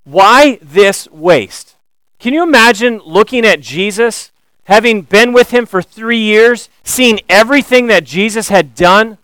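A man delivers a sermon in a smooth, fairly high voice. He is animated and builds to emphatic questions. The sound is close and dry. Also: no room sound, low-quality recording. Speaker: pastor.

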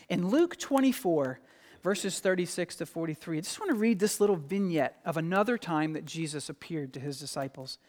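Lively preaching man in a reverberant hall. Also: high voice. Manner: animated, acts out quoted voices. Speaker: pastor. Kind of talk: sermon. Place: church sanctuary.

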